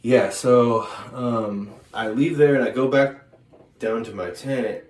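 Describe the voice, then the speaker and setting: A man casually telling a long personal story, rambling and halting with frequent restarts and fillers. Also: mid-range voice, darkish tone. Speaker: vlogger. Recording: echoey room with faint ambient noise.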